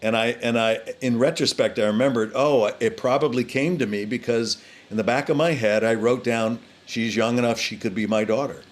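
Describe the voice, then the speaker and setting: A middle-aged man, a guest actor in a casual interview, talking in an earnest, reflective way with halting restarts. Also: mid-range voice.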